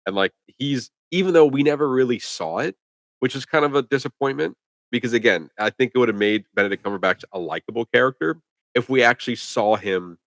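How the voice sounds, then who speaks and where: A man's voice: medium pitch, brisk, a bit bright, no room sound. A man co-hosting a podcast, chatting casually about a film in a rambling way full of "like". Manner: rambling, filler-heavy with lots of "like". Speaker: podcast co-host. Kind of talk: casual chat, movie review.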